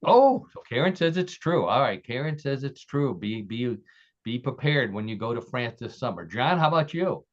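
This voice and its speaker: A man's voice: mid-range voice, animated, moderate pace. A man hosting a casual podcast, reading quiz stories in a chatty way with frequent restarts. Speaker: podcast host. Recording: dull lo-fi audio.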